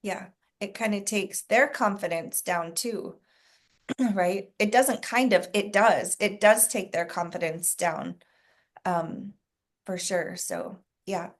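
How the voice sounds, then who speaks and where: A woman's voice: medium pitch, slow. Woman coaching a sales group. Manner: conversational, asks the group questions, clears throat often. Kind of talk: casual group coaching talk.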